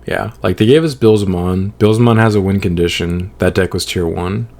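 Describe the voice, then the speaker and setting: Gravelly low-voiced man chatting casually. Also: normal speed, darkish tone. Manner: laid-back, agreeable, thinks aloud. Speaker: podcast co-host. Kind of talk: casual chat about card games.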